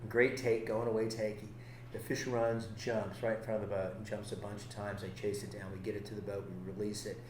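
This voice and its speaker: A man's voice: fairly low pitch, a little fast, slight background noise. A man who works as a fishing guide and boat captain, telling stories on a podcast and acting out both sides of each conversation. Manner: animated, acts out both sides of his stories. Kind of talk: casual podcast storytelling. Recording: roomy podcast recording.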